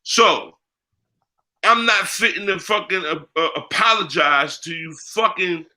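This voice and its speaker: A man's voice: high-pitched, a little slow, sharp tone. A man speaking in an interview, talking bluntly with heavy profanity and street slang. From United States. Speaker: guest, spiritual priest. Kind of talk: candid interview talk.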